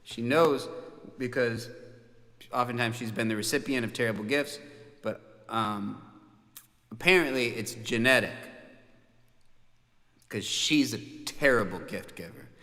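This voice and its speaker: A man's voice: mid-range voice, unhurried, pauses often, bright, forceful tone. A man, a musician hosting his own livestream, telling a family story in a rambling, chuckling way with plenty of fillers and restarts. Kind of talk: casual storytelling chat. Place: room called the bunker. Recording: long reverb.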